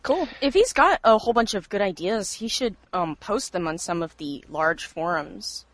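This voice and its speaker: A woman's voice: mid-range voice, animated, normal speed, dry recording, low-quality recording. A woman co-hosting a podcast in casual chat, dropping dry, teasing remarks. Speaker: podcast co-host.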